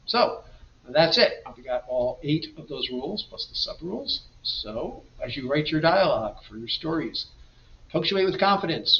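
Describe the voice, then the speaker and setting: A man's voice: medium pitch, fairly bright tone. A man teaching a grammar lesson over a slideshow, explaining patiently and reading example sentences aloud. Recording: dull, roomy, mic at a distance.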